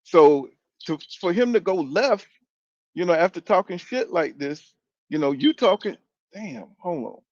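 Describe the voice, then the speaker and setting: A man's voice: high voice, very animated, measured pace, dry recording, lo-fi sound. A man giving a casual, profane opinion rant about boxing, rambling and repeating filler phrases as he talks. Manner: rambling, profane, keeps saying "you know what I'm saying". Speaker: boxing commentator.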